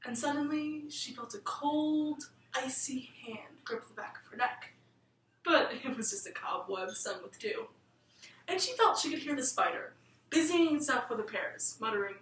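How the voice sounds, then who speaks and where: A woman telling a bedtime story in a lilting, expressive manner. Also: high voice, normal speed, recorded from a distance, a little hiss or hum. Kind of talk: storybook narration. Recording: roomy room, voice set back from the mic.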